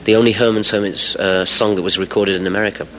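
A man in his forties from England speaks as a radio interview guest. His voice sits a little low, and he rambles cheerfully, with fillers and the odd laugh. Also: fairly even intonation, fast talker, fairly bright tone, rough recording. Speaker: musician guest.

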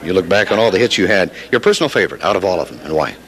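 A man's voice: sits low, big pitch swings, racing, fairly bright tone. A man interviewing a guest on the radio, prompting him with brief, curious questions.

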